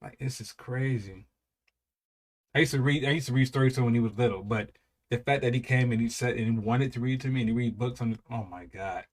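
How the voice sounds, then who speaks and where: A man in his thirties giving casual reaction commentary, animated and profane, laughing often and drawing out his exclamations. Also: medium pitch, fast. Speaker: reaction video host.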